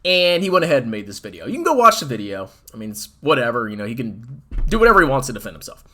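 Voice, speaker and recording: A male finance commentator delivers a heated, sarcastic rant, mocking his target as he goes. His pitch swings widely and his voice has a bright, forceful edge. He sounds like a host talking straight to his audience. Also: sing-song, very fast. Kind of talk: ranting commentary video.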